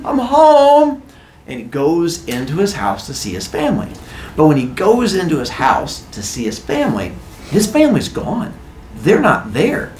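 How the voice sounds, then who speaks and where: A man hosting a podcast and telling a comic story in an animated, playful way. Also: fairly high pitch, slight background noise. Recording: roomy echo.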